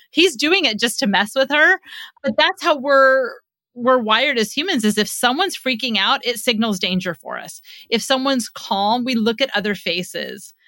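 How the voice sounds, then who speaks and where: A woman's voice: on the high side, bright, forceful tone, no echo. A middle-aged woman, a psychotherapist guest on a podcast, explaining things in a conversational way with lots of fillers.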